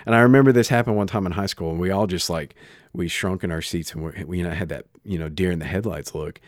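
A man preaching in a relaxed, conversational way, stopping and restarting as he tells stories. His voice sits low. The recording is dry and close to the microphone. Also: fast, dry recording. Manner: conversational, animated storytelling with frequent restarts. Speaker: pastor. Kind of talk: sermon.

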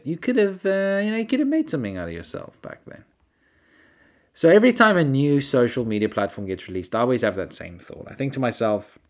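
Male solo podcaster, lively swooping pitch, rambling incredulous rants, self-deprecating. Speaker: podcast host.

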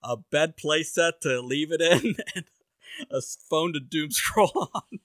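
A man co-hosting a podcast, making wry, deadpan jokes in casual chat. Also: on the high side, unhurried, no room sound, clean studio sound. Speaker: podcast co-host.

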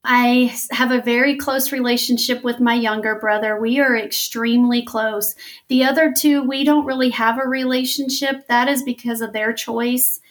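A woman's voice: on the high side, steady tone, moderate pace. A woman in her thirties giving an earnest, faith-filled personal testimony in an interview, emotional at times. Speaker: interview guest.

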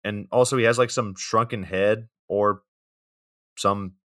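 A young man with a lowish, bright-edged voice recapping a film for a podcast. He summarizes in a laid-back way, with frequent fillers and wry asides. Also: steady tone, a little slow. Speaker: podcast co-host recapping the plot. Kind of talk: casual movie recap.

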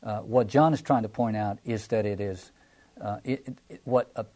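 Mellow-voiced male Bible lecturer. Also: lowish voice, fairly even intonation. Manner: halting, restarts phrases and repeats words often; reflective, explanatory. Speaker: Bible teacher. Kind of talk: lecture on a scripture passage.

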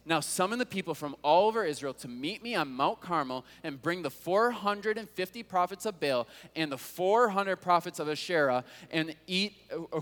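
A man's voice: fairly high pitch, fairly bright tone. Casual preacher man in an echoing hall. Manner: casual, conversational storytelling with rhetorical questions. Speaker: pastor. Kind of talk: sermon. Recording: long hall reverb.

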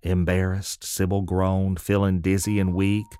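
A man's voice: low-pitched, level tone, measured pace, mellow, smooth. A man narrating a scripted audio drama in a folksy storytelling manner.

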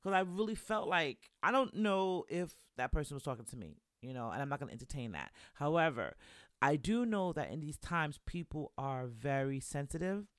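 A young man talks to his listeners in a loose, chatty podcast monologue. His voice sits a little high for a man. The sound is close and dry, and he keeps checking in with his audience as he goes. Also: big pitch swings, moderate pace, no echo. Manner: chatty and encouraging, constantly checking in with "right?" and "you know". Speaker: podcast host. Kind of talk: casual solo podcast chat.

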